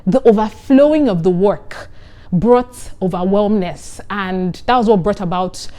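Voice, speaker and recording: Mellow-voiced young woman vlogging warmly. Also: medium pitch, a little slow. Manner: animated, giggly, earnest. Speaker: vlogger, medical student. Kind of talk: casual vlog talk.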